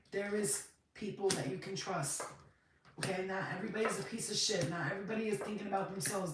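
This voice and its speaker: A woman giving a casual spiritual reading, emotional and emphatic, swearing freely as she talks. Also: mid-range voice. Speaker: tarot card reader. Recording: very echoey room, mic far off, noisy.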